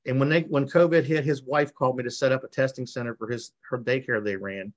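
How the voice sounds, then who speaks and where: A man's voice: mid-range voice, fairly even intonation, fast talker, highs cut off. A middle-aged man giving an earnest, emotional personal testimony over a video call, repeating himself as he tells his story. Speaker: speaker sharing his recovery story. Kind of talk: personal testimony at a recovery meeting.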